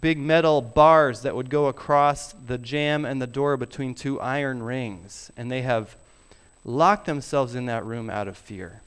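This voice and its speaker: A middle-aged man preaching a sermon, emphatic and deliberate, sometimes dropping his voice very low. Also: clear, resonant tone. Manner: slow, emphatic preaching with soft drops to near whisper. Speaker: pastor.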